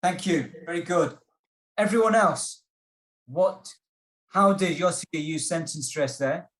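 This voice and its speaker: His voice sits a little above most men's and comes across somewhat bright as he teaches an online workshop by video call. Encouraging in manner, he restates instructions, says um in the pauses, and the sound reverberates around the room.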